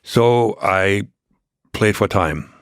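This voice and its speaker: An older man, telling his story as an interview guest, halting with many restarts and fillers. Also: on the low side, clean tone, no echo, studio quality. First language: German.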